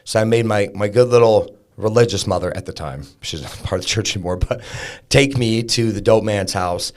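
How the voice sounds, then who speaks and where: A man's voice: lowish voice, fairly quick. A man in his thirties, a podcast guest, candidly telling a personal story in a conversational way, full of fillers and restarts.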